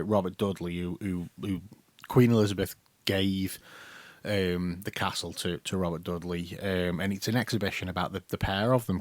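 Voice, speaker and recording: A man's voice: low-pitched, a little mellow, dry recording. A man from the telling a long story in casual chat as a podcast co-host, rambling with lots of ums, restarts and swearing. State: concussed.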